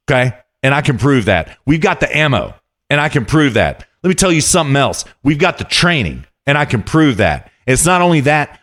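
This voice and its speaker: A man's voice: mid-range voice, a bit bright. A man hosting a podcast, delivering a heated, profane political rant full of repeated jabs. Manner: heated ranting, profane, repetitive. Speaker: podcast host.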